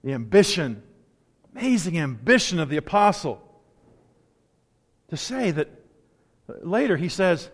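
High-voiced preacher in an echoing hall. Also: male voice, big pitch swings, measured pace, pauses often. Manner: conversational, storytelling with asides. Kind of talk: sermon. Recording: long hall reverb.

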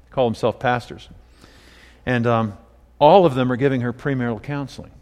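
A man's voice: mid-range voice, steady tone, fairly quick, a little mellow, big-room sound. A man pastor giving a conversational sermon, mixing scripture with personal stories. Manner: conversational preaching with personal anecdotes.

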